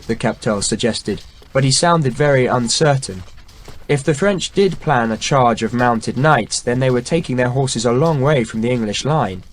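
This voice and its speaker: A man reading a historical novel aloud in measured, dramatic audiobook narration. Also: medium pitch, animated. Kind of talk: scripted narration. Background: faint background music.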